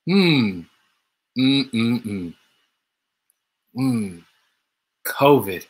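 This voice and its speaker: Animated man voicing a workshop. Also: lowish voice, takes it slowly, pauses often. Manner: animated, short exclamations and playful voiced reactions. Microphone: video call.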